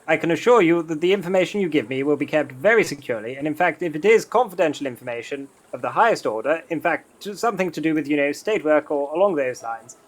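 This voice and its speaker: A man's voice: on the high side, natural voice. A man playing a polite, overly formal census taker with a British accent who keeps calling people sir. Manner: overly formal, keeps saying sir, swears when startled. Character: polite fussy Old West male census taker.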